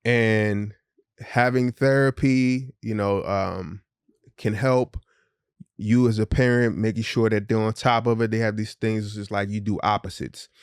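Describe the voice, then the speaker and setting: Candid father telling a story, low dry voice. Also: steady tone, unhurried, clear, resonant tone, dry recording. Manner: candid, profane, acts out quoted voices. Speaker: podcast co-host. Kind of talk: casual storytelling chat.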